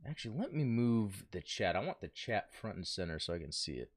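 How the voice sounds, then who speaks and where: Male stream host, casual and chatty, animated pitch, dry close sound. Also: brisk, dry recording. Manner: chatty, greets viewers, thinks aloud. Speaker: livestream host. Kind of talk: casual livestream chat. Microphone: desk mic he talks into.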